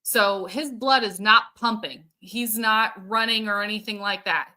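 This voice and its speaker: A woman's voice: mid-range voice, fairly even intonation, measured pace, pushed and bright. A woman hosting a casual livestream, chatting and answering viewer comments while thinking aloud with plenty of fillers. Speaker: show host.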